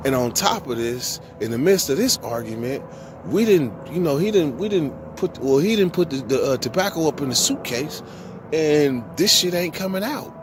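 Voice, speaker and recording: A man casually telling a long story from his own past, with profane, slangy speech and animated quoted dialogue. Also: on the high side, normal speed, background noise. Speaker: vlogger.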